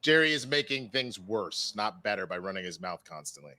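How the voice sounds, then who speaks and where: A man on a casual panel gives his takes in a forthright way. His tone is bright and edgy with a lowish pitch, and the mic sound is dry. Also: expressive, fairly quick, no echo.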